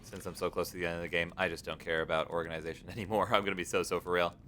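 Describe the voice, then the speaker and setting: A man's voice: low-pitched, little pitch movement, rapid-fire, fairly bright tone, soft background music. A young man streaming a game late at night, chatting casually, reading viewers' messages aloud and encouraging them. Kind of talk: casual live-stream chat while gaming.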